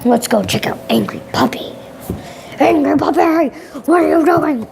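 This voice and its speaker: A woman hosting a playful pet vlog, excitable and giggly, talking into a headset microphone and breaking into shrieks. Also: high voice, measured pace, creaky, background noise. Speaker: channel host.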